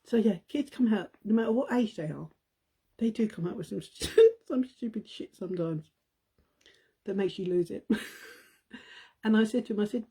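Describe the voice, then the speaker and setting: A woman's voice: medium pitch, animated, normal speed, pauses often, dark tone, husky. A middle-aged woman, chatting casually to viewers on a live stream, telling a funny family story and laughing often.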